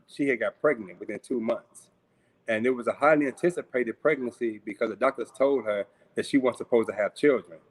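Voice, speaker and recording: Middle-aged man telling a personal story. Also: medium pitch. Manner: conversational, repeats words, acts out voices in quotes. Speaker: guest. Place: home, remote video call. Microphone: video call.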